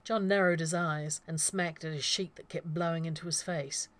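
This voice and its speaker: Casting: lower-voiced woman, steady storybook narrator. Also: normal speed. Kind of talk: reading a story aloud.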